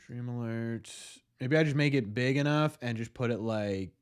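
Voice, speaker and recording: A man hosting a casual live stream, greeting viewers in chat by name and ranting excitedly. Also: medium pitch, moderate pace, smooth.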